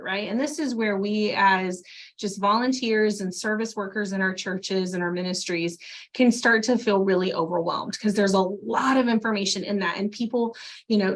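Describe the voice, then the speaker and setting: A woman presenting a webinar, explaining things in a patient, conversational way. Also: medium pitch. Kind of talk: webinar talk.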